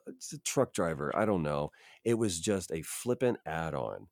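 A man with an extremely deep, low voice speaks as a guest in an interview, earnest and emphatic as he shares advice from his acting career. The sound is dry and close, with no room echo. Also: very animated, normal speed, gravelly. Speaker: voice actor, podcast guest. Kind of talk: reflective interview talk.

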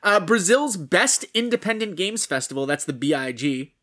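A man's voice: high-pitched, animated, normal speed, a bit bright. A man co-hosting a casual gaming news podcast, profane and punchy, reading stories and quotes aloud. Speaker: podcast co-host.

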